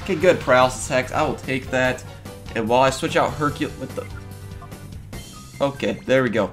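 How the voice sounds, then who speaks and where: A young man of medium pitch hosts a let's play and narrates his gameplay. He chats to the on-screen characters with quick exclamations, with soft music in the background.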